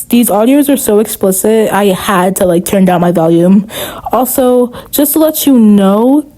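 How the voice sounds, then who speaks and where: Brief: woman YouTuber, casual rant, mellow, fairly high voice, faint music under. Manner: chatty, rushed, filler-heavy. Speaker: commentary YouTuber.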